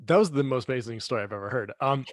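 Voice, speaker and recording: A man's voice: medium pitch, sing-song, fast, no room sound, clean studio sound. A man hosting a podcast, gushing with praise as he asks his questions. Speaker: podcast host. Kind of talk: casual interview.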